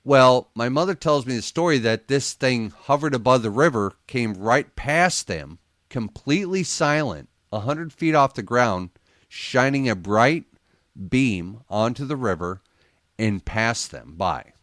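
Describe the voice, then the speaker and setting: A man telling a story casually as a guest on a radio interview, animated and laughing often as he acts out what people said. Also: medium pitch, unhurried, no room sound, clean studio sound. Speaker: paranormal investigator guest.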